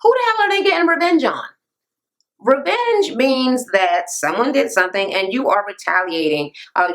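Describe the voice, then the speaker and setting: A woman giving a loose, animated, profane recap of a reality TV episode, with lots of ums and uhs. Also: mid-range voice. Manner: animated, profane, jumps into quoting people. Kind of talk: casual recap commentary.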